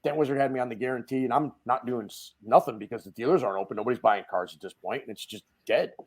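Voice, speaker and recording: A man telling a lively anecdote. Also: medium pitch, fast, slightly rough. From Connecticut. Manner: animated anecdote teller who acts out the people in his stories. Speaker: guest. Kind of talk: casual storytelling.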